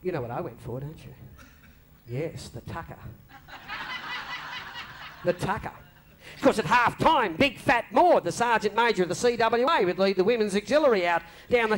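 An Australian man telling a long comic story on stage, lively and broad, slipping into mimicked voices. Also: very high-pitched, brisk, a little hiss or hum. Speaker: comedian telling stories on stage. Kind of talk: live stand-up storytelling. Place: club stage before a live audience. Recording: faint crowd ambience from a live venue.

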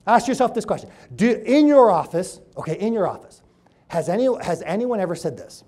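Animated man lecturing a seminar crowd. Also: high voice, a little fast. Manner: animated storytelling, acting out quoted people, swinging between loud and hushed. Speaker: chiropractor speaking at a seminar. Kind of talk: energetic seminar talk to a live audience. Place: room with an audience.

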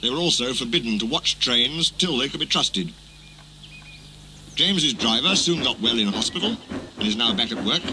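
A man reading a children's railway story aloud as narrator, with expressive, animated storytelling. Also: mid-range voice, normal speed, noisy background. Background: music.

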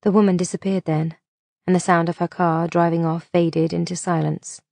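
A woman reading a novel aloud as an audiobook narrator, in a steady, measured way. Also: lowish voice, creaky, no echo.

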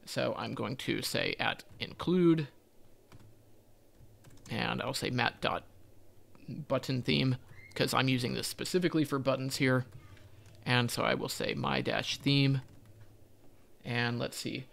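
A man's voice: mid-range voice, fairly even intonation, takes it slowly, creaky, pauses often, fairly bright tone. A man teaching a coding tutorial, thinking aloud as he types, with frequent ums and self-corrections. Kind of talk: screen-recorded coding walkthrough.

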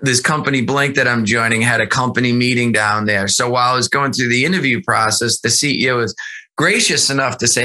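A man in a casual podcast interview, telling stories as a sales executive guest in an animated, conversational way. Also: medium pitch, a little fast.

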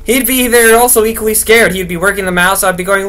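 A young man rambling nervously through horror game commentary, swearing and talking to himself to stay calm. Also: sits high, fast, hardly any pauses. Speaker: gaming video host.

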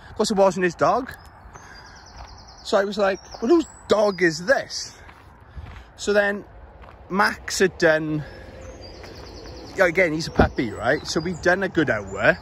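A man's voice: high-pitched, expressive, a little slow, pauses often, a bit bright, a little hiss or hum. A Welsh man telling a rambling, exasperated story as he walks his dog, swearing now and then. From Wales. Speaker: vlogger. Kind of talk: casual storytelling while walking. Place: outdoors on suburban streets. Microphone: handheld camera while walking.

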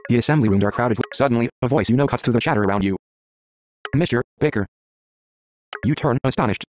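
A man reads the text of an interactive story game aloud at a brisk clip. His voice sits at an ordinary middle pitch, and he trips over words and restarts as he goes. Faint noise hums behind him. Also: darkish tone. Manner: reads quickly, stumbling and restarting, muttering menu words.

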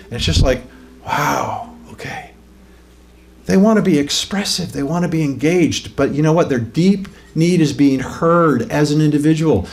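Man, pastor, informal teaching sermon, conversational then emphatic, asks the room questions, slightly higher voice. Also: normal speed, vocal fry.

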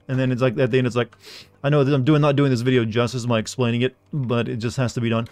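A man's voice: mid-range voice, steady tone, fast, a little mellow, dry recording. Male streamer, casual rambling talk, mid-range voice, reads game notes aloud.

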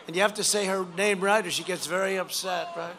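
A man's voice: high voice, steady tone, a little fast. An older man giving an emphatic, rambling rally speech outdoors, repeating phrases. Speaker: political speaker at a rally. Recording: rally speech with faint crowd noise.

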